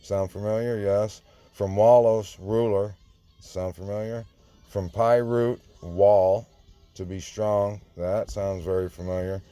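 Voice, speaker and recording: A man's voice: lowish voice, fairly even intonation, slow, mellow, clear, resonant tone, no echo, soft background music. A man giving an informal sermon, insistent and confrontational, often repeating himself. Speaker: online preacher.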